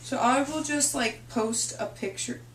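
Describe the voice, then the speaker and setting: A woman's voice: high voice, unhurried, distant mic, a little hiss or hum. A young woman from Canada hosting a casual chat, rambling and giggly. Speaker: host. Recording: echoey room, off-mic.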